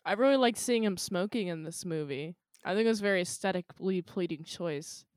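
A woman's voice: fairly low pitch, a little fast, no room sound, clean studio sound. A woman guest on a film review podcast, chatting casually and acting out characters' lines as she retells scenes. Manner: animated, acts out characters' lines. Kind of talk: casual chat.

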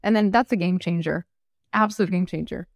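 A woman's voice: fairly low pitch, a little fast, no room sound, highs cut off. A woman guest on an interview, chatting casually and acting out stories with frequent laughs. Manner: animated storyteller who acts out quotes and laughs often. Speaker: guest entrepreneur.

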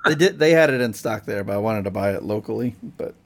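A man's voice: fairly low pitch, lively intonation, quick pace. A man co-hosting a podcast, chatting in a laid-back way. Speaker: podcast co-host. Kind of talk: casual chat.

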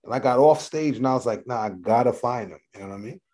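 A middle-aged man, a rapper guesting on an interview, telling animated stories, acting out voices and swearing freely. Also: medium pitch, fast talker. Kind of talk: casual storytelling interview.

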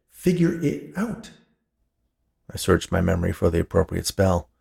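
A man narrating a story in a dry, measured way, his low voice deeply gravelly. There is a husky grain to it, yet his pitch moves a lot from line to line. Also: darkish tone. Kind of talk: scripted narration.

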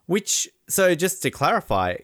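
Give me a host in a casual interview, asking questions in a relaxed, chatty way. The voice sits in a middle pitch. The recording is dry and close. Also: a little slow, no room sound. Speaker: podcast host.

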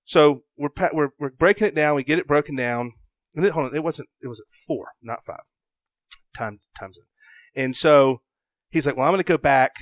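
A young adult man from the American South with a Southern accent, telling a story in an animated, casual way, acting out his own thoughts and often interrupting himself. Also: fairly high pitch, normal speed, no room sound. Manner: excitable, self-interrupting, acts out his own inner voice.

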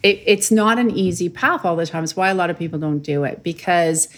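A middle-aged woman chatting as an interview guest, telling her story in a lively way and acting out her own past lines. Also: fairly low pitch, a little fast. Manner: laughs often, swears casually. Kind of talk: casual interview chat.

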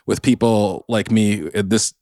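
A man's voice: on the low side, fairly even intonation, a little slow, darkish tone, dry recording, studio quality. A man from Southern California with a Southern Californian accent, co-hosting a podcast in a joking, self-deprecating way. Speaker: podcast co-host. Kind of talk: casual chat.

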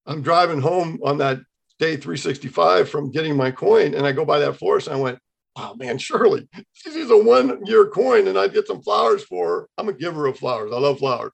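Gravelly older man telling his story. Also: on the high side, fairly quick. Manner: animated storytelling, acting out quoted dialogue. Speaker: podcast guest. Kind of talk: telling a personal testimony.

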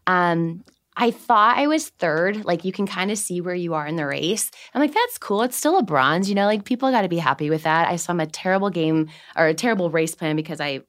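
A woman in her thirties from the United States, a guest on a podcast interview, telling stories in an animated way, laughing often and acting out what people said. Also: lowish voice, brisk. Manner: animated, laughs often, acts out quotes of herself and others. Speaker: guest, Olympic swimmer.

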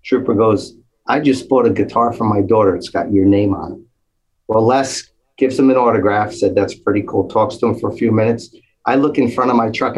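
A man's voice: medium pitch, husky, low-quality recording. A man telling a long story in casual chat, acting out the voices of the people in it. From New Jersey. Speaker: guest storyteller.

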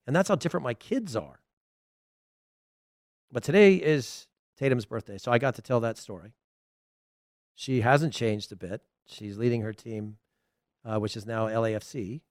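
A middle-aged man hosting a podcast on his own, talking in a mid-pitched voice that sits right in the middle of the male range. He rambles through anecdotes and match talk, restarting his sentences as he goes. The recording is dry and close, with almost no room sound. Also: no echo. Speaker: podcast host. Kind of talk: casual solo podcast talk.

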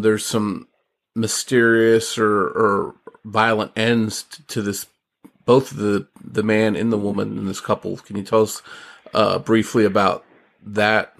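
Gravelly low-voiced podcast host. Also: male voice, little pitch movement, a little slow. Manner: hesitant, restarts phrases. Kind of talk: interview questions.

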